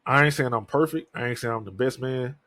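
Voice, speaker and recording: In a mid-range voice that's pushed and bright, a podcast host in his thirties talks fairly quickly with no echo. The casual solo monologue is rambling and candid, and he swears a lot.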